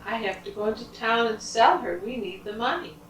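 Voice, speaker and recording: A woman's voice: on the high side, brisk, slight background noise, voice pushed up, close to an everyday voice. A woman voicing an earnest young farm boy. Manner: earnest, pleading storybook delivery. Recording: roomy, distant home recording.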